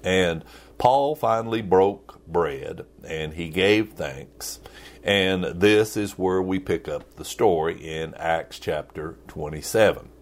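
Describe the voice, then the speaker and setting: Slow-speaking male pastor preaching. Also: low voice. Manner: playful, repeats key phrases slowly for emphasis. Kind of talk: sermon.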